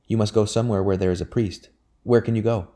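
A man voicing an earnest, devout young gentlewoman in an audiobook, with raised, pleading intensity. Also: on the low side, fairly even intonation, quick pace, natural voice.

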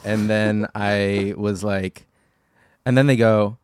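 A man's voice: lowish voice, fairly even intonation, takes it slowly, a little mellow, clear, resonant tone, no room sound, clean studio sound. A man guest on a podcast, telling a self-deprecating story with chuckles and quoted asides. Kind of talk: casual storytelling chat.

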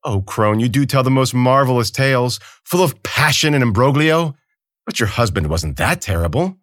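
A man voicing an arrogant, contemptuous emperor in an audiobook, sneering and theatrical, pitched above his own voice. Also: lively intonation, normal speed, a bit bright, no echo, clean studio sound, close to an everyday voice. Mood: mocking. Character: arrogant contemptuous male emperor, bored and scornful. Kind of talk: audiobook character voice.

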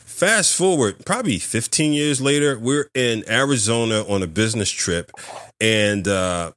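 A man hosting a podcast interview, telling a story in a lively, animated way and acting out the voices in it. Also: lowish voice, normal speed, clean tone, dry recording, clean studio sound. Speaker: podcast host. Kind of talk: casual interview chat.

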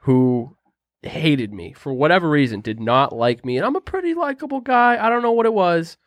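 A man's voice: a little high, moderate pace, no echo. A young man co-hosting a casual chat, telling school stories with slang and a running "right?". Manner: animated storyteller, slangy, says "right?" a lot.

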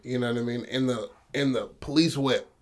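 A man's voice: mid-range voice, steady tone, fairly quick. A man co-hosting a podcast, telling a story in a rambling, casual way and swearing freely. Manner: rambling, full of "you know what I mean", swears freely. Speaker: podcast co-host.

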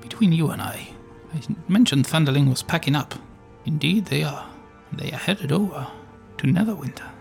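A man's voice: a little high, normal speed, creaky, few pauses, faint music behind. A man playing his character at a tabletop game, talking in a theatrical, pompous way. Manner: theatrical, pompous adventurer bluster. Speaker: player voicing his character Shrew. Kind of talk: in-character tabletop role-play.

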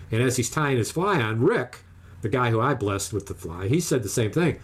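A man with a husky, medium-pitched voice casually tells a long, animated fishing story at a normal pace, raising his voice to act out what the other people said.

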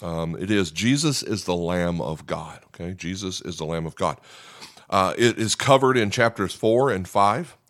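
A man's voice: low voice, animated, moderate pace, a bit bright. A man preaching a conversational Bible teaching, often checking in with listeners by asking "okay?". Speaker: pastor. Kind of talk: sermon teaching.

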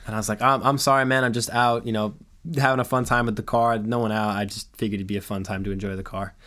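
A young man with a lowish voice speaks fast, casually telling a long, animated story and acting out the quoted dialogue along the way.

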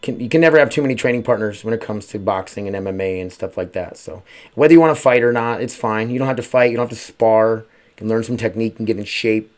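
A man's voice: lowish voice, fast, darkish tone. Rambling, cursing podcast host man. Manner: rambling, profane, frequent "uh" fillers. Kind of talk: casual solo podcast chat. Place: at home.

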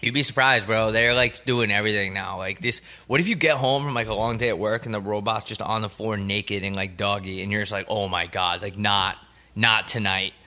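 A young man with a bright, forceful voice rambles through crude jokes on a casual podcast. He swears freely and keeps spinning one bit into the next in a loose, chatty way. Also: fairly low pitch, steady tone, fairly quick, few pauses. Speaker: podcast co-host. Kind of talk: casual comedic podcast chat.

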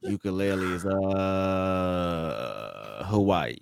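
A man competing in a casual podcast quiz, picking categories and answering with relaxed, profane banter. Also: deep voice, drawn-out words, creaky, slight background noise. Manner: relaxed, swearing, joking. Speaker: quiz contestant.

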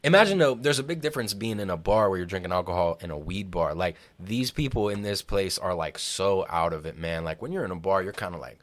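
Brief: podcast co-host, early twenties, very deep voice, loose and profane. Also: male voice, expressive, fast talker, hardly any pauses. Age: 20s. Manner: rambling, laid-back, swears freely. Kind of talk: casual storytelling chat.

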